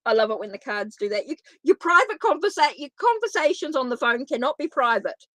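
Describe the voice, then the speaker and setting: A woman's voice: high-pitched, very animated, fairly quick, a bit bright. Chatty woman reading tarot live. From New Zealand. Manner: chatty and informal, talks straight to viewers. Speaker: tarot reader.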